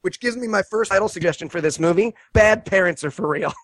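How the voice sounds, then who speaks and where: A man casually retelling a movie's scenes with sarcastic jokes, animated and quick to mock. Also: high-pitched, dry recording. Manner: sarcastic, animated storytelling with quoted asides. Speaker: podcast co-host reviewing a movie. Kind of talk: casual comedic movie review chat.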